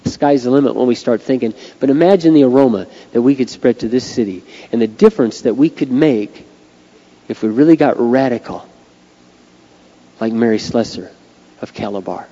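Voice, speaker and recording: Middle-aged pastor preaching in a reverberant hall. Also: male voice, medium pitch, normal speed, mellow. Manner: earnest, conversational preaching. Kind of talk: sermon. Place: church sanctuary. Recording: lo-fi recording with long hall reverb.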